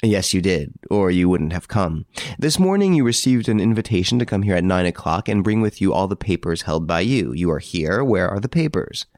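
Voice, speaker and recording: A man voicing a commanding gentleman thief who mocks his rivals with cool authority. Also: low-pitched, animated, brisk, no echo, clean studio sound. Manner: mocking, authoritative.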